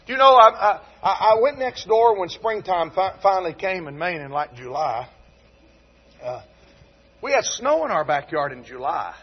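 A man's voice: high voice, husky. A middle-aged man, a pastor from North Carolina preaching a sermon in a church, telling folksy stories and rising to emphatic fervor. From North Carolina, USA. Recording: dull lo-fi recording.

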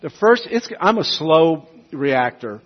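A husky man delivers an emphatic sermon in a somewhat high voice. He swings from quiet, intimate lines to loud appeals. The recording sounds dull and lo-fi. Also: big pitch swings, slow. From United States. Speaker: preacher.

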